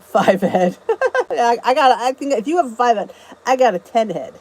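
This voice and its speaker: Speaking from indoors at home on a phone or camera mounted on a stand, this YouTube host is a middle-aged American woman with a US accent who greets viewers and reads their comments in a bubbly, chatty way. Her pitch is fairly high and her tone darkish, delivered at a moderate pace. Sound quality is poor.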